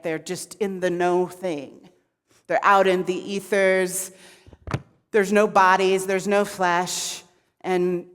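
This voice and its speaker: A woman minister giving a sermon in a relaxed, conversational way with frequent asides. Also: on the low side, big-room sound. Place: church sanctuary.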